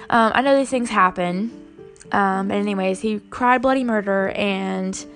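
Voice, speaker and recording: A woman's voice: mid-range voice, vocal fry. A young woman and mother talking casually and earnestly to her viewers, with lots of ums. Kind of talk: casual faith vlog chat.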